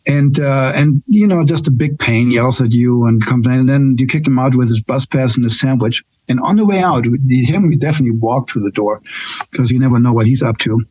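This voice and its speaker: A man's voice: medium pitch, fairly quick, darkish tone, no echo, poor audio. A man in his sixties with a German accent, a nurse guest telling candid stories in a casual interview, often checking in with "right?". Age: 60s. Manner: candid, storytelling with frequent "right?" tags.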